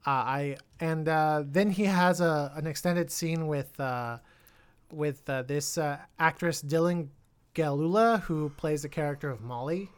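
A man co-hosting a podcast, chatting casually about a movie and trailing off into restarts and sudden animated bursts. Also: a little high, a little slow, clean tone. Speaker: podcast co-host. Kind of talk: casual film review chat.

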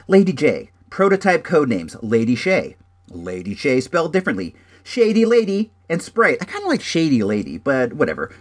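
A man casually chatting to the camera about an action figure in his collection, laid-back and excitable, peppering his talk with "like" and "dude". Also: on the high side, moderate pace. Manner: excitable, voice jumping up and down.

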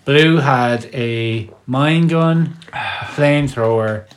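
A man's voice: medium pitch, slow pace. Teasing man chiming in on a podcast. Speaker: podcast co-host. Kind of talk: casual chat.

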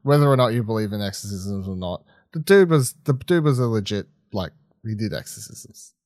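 A man's voice: fairly low pitch, expressive, a little fast, darkish tone, no room sound, studio quality. A man co-hosting a film podcast, talking bluntly and animatedly and swearing freely. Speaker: podcast co-host. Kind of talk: casual film chat.

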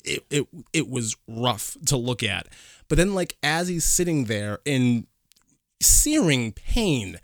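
A man's voice: mid-range voice, very animated, slow pace, no echo, clean studio sound. A man reviewing a movie in casual chat, retelling scenes in detail.

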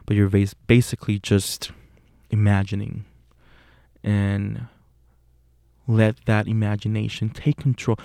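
Young male podcast host with a Puerto Rican accent, low and gravelly, slow and casual, full of fillers. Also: dark tone, no echo, clean studio sound. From Puerto Rico. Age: young adult. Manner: unhurried, with frequent fillers and self-corrections.

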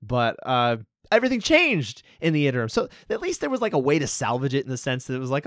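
A man's voice: medium pitch, huge pitch swings, fast, few pauses, fairly bright tone, no room sound, clean studio sound. A man co-hosting a podcast, telling anecdotes in a chatty, casual way. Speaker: podcast co-host.

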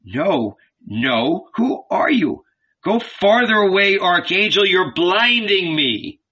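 A man's voice: high-pitched, very animated, takes it slowly, bright, forceful tone, husky, voice pushed up, exaggerated voice. A man doing a frightened, pleading young man. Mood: fearful. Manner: pleading, fearful. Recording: dull lo-fi recording.

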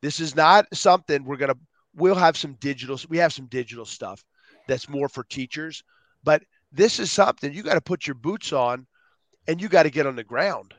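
A man on a podcast as a guest, talking with energy and acting out quotes in lively voices. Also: a little high, normal speed, no echo. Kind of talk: animated interview talk.

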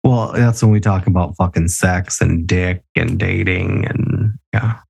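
A man's voice: low-pitched, fairly even intonation, a little slow, vocal fry, a little mellow, breathy edge, soft background music. A tipsy man co-hosting a casual podcast over a remote call, swearing freely and laughing often. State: a little tipsy. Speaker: podcast co-host. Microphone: remote call recording.

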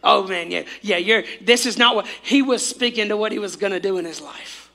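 High, bright-voiced fervent preacher man. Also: brisk, vocal fry. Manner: fervent, calls on the congregation to repeat after him. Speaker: pastor. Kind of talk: sermon.

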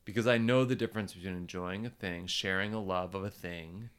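A man hosting a podcast, talking over parenting in a relaxed, reflective way and acting out the lines he quotes. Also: low voice, brisk, smooth. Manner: reflective, acts out quoted voices. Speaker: podcast host. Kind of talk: casual conversation.

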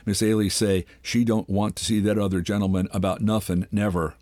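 A man voicing an elderly male butler who answers in a flat, matter-of-fact way. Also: on the low side, fairly quick, dry recording, natural voice.

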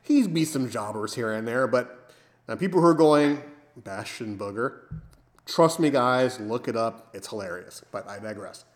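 A man of middle pitch hosts a podcast in a casual, playful way. He sets up jokes like a storyteller and often tells the listeners to bear with him. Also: animated, normal speed. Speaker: podcast host. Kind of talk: casual chat.

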